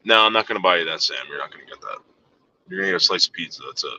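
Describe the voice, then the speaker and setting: A man with a low, very bright and forceful voice tells a story in casual chat. He rambles and swears freely, often repeating words and restarting. The recording is dry and a little dull. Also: animated, rapid-fire, no room sound.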